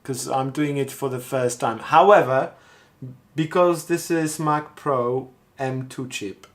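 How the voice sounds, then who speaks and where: A man talks to his viewers on a live stream at an unhurried pace. He rambles and thinks out loud, often repeating his words. His pitch sits in an ordinary middle range. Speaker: street artist streaming live. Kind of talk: casual live-stream chat.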